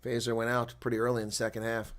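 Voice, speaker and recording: A man giving live rugby play-by-play, shouting on big plays and chatting casually with viewers in between. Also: mid-range voice, completely flat delivery, fast. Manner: reads viewer chat aloud. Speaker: play-by-play commentator. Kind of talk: live sports commentary.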